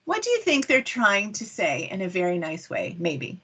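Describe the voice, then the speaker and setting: A woman speaks as a communication coach in an online workshop, with an animated, wide-ranging pitch. Her voice is slightly husky and breathy. She keeps asking rhetorical questions to draw listeners in. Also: normal speed, few pauses. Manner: lively, poses rhetorical questions.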